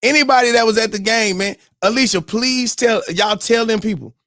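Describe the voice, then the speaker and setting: A man hosting a morning show, telling a story in a loose, animated way, whooping and mimicking crowd voices. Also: high voice, normal speed, no room sound, clean studio sound. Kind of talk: casual storytelling.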